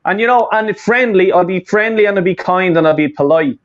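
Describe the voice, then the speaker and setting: A man's voice: high voice, brisk, highs cut off. A man, hosting a casual football fan chat, rambling and swearing with lots of fillers and restarts. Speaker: fan channel host.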